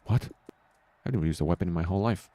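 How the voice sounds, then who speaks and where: A man voicing a nervous hero, anxious questions, deep voice, game dialogue. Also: dark tone, no room sound. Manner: anxious questions, quick when flustered.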